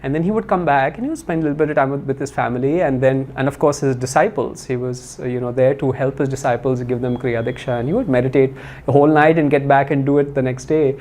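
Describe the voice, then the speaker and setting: A man's voice: mid-range voice, fast, darkish tone. A man giving a spiritual talk, telling stories in a conversational way with many fillers and restarts.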